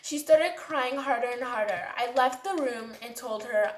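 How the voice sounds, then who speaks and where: A woman's voice: fairly high pitch, moderate pace. A woman narrating a storytime in a chatty, casual way. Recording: roomy echo.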